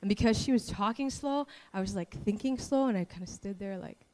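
A woman from Hawaii shares a personal faith testimony in an earnest storytelling voice. She keeps it lively and acts out the people in her story. Her pitch sits at a middling level. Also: a little fast. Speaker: speaker giving a testimony.

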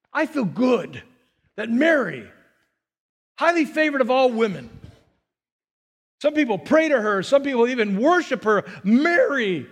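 A male pastor preaching a sermon, asking the congregation rhetorical questions and repeating words as he builds his points. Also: very high voice.

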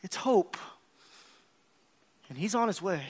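Male pastor, very high-pitched, earnest sermon delivery, emphatic swells and quiet asides, calls out to the congregation. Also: expressive, slow pace, husky.

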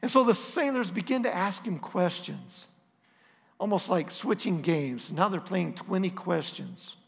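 A man's voice: high-pitched, lively intonation, measured pace, vocal fry. Man preaching in a long reverb. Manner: conversational and self-deprecating storytelling. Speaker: pastor. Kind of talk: storytelling sermon.

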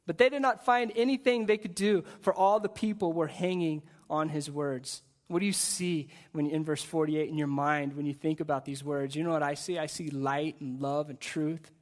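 A man preaching a sermon to a church service, in an energetic, conversational way with frequent repeated words. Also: fairly high pitch, normal speed, few pauses. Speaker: guest pastor.

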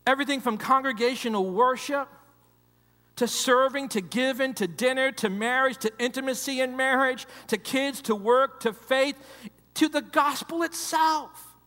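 A male pastor preaching a sermon in a church, repeating phrases and swinging between loud emphasis and hushed, quiet passages. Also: very high voice, moderate pace. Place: church sanctuary. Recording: long hall reverb.

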